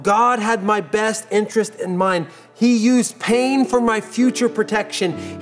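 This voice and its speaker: A man preaching a sermon as pastor, telling a personal story in an earnest way and repeating phrases for emphasis. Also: high-pitched.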